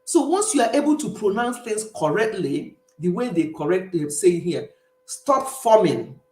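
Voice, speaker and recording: A woman's voice: medium pitch, big pitch swings, moderate pace, darkish tone, reverberant. A middle-aged Nigerian woman with an Igbo accent, casually chatting and reading comments for her livestream viewers. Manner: chatty, emphatic, laughs often. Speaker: livestream host. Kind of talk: casual chat with live viewers. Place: home in the UK.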